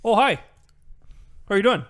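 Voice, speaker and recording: A man's voice: sits high, lively intonation, slow pace, fairly bright tone, heavily acted. Man putting on a folksy northern traveler. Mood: evasive. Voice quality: put-on northern accent, folksy.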